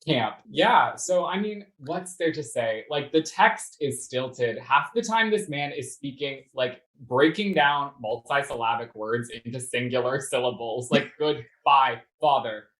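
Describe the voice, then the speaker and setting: A man giving a casual, animated critique, laughing often and mimicking the performer he reviews, on a video call. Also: medium pitch, measured pace, few pauses. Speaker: theatre reviewer. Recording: roomy echo.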